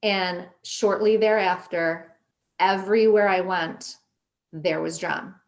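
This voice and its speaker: Woman telling a lively personal story. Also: fairly low pitch, slow. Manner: animated, quotes herself in lively voices. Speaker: podcast guest. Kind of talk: casual storytelling.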